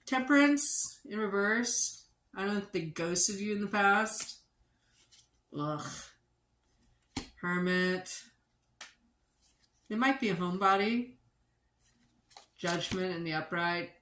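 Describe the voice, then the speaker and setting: A woman giving a livestream tarot reading, blunt and sarcastic and quick to swear. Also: mid-range voice, fairly bright tone. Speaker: tarot reader. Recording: echoey room with background noise.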